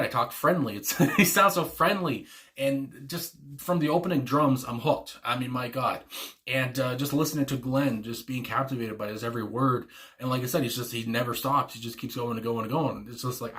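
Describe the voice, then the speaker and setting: A man in the middle of the usual pitch range chats casually about songs he loves. He rambles with plenty of fillers and breaks into small laughs, sounding enthusiastic throughout. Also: normal speed, fairly bright tone. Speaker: music reaction channel host.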